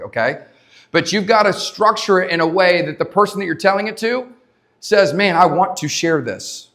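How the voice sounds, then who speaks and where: On a conference stage at a leadership summit, a man with a voice on the high side gives an energetic motivational talk to a live audience. He repeats his points and puts questions to the crowd.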